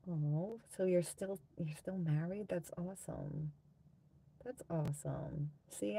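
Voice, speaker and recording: Low, gravelly New woman streamer. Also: dark tone. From New Zealand. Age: 30s. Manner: crude, giggly, teasing banter with frequent laughter. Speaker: livestream host. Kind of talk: casual live chat with viewers.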